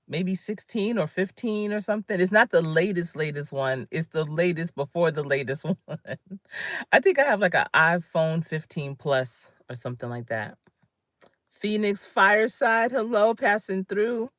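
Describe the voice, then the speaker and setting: Emphatic woman coach with a low voice. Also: animated, measured pace, a bit bright, no room sound, clean studio sound. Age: 50s. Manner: emphatic, conversational, greets viewers by name. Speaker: career coach. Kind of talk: motivational livestream talk.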